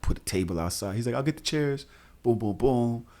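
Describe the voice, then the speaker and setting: A man, co-hosting a podcast and telling loose, profane stories full of animated asides. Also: mid-range voice, a little fast. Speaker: podcast co-host. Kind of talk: casual podcast chat.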